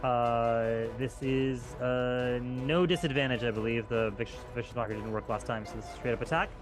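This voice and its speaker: A man's voice: mid-range voice, steady tone, moderate pace, over music. A man running a tabletop game as game master, narrating in a loose, filler-heavy way.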